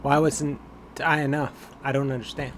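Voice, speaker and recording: A man's voice: medium pitch, normal speed, slight background noise, close to an everyday voice. A man reading out the lines of a hurt teenage girl confiding in her dad, in his own plain voice. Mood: sad. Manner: read aloud flatly from game text. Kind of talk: reading game dialogue aloud.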